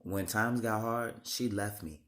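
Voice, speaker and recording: A man in his thirties telling his life story to camera, halting and rambling with many restarts and blunt swearing. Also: on the low side, a bit bright. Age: 30s. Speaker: vlogger.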